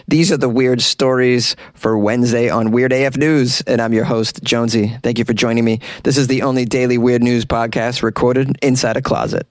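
A man's voice: mid-range voice, no room sound. A man hosting a comedic weird-news podcast from a small closet, reading stories and mocking them sarcastically. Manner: sarcastic, mocking commentary with laughs. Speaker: podcast host.

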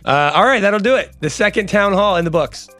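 A man's voice: sits high, lively intonation, a little fast, fairly bright tone, soft background music. A man co-hosting a podcast, wrapping up questions with short dry quips. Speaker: podcast co-host. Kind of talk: casual chat.

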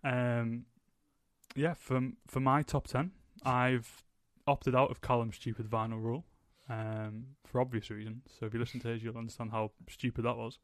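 A man's voice: mid-range voice, little pitch movement, moderate pace, no echo, studio quality. A young man hosting a podcast, chatting casually and rambling with lots of fillers. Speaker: podcast host. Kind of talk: casual chat.

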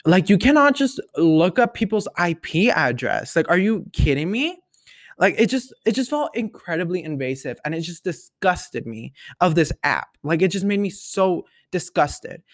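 A man's voice: high-pitched, big pitch swings, moderate pace, no room sound, clean studio sound. A young man hosting a casual solo podcast, telling stories dramatically and rambling with lots of fillers. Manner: rambling, dramatic storytelling with many fillers and repeated "like". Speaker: podcast host.

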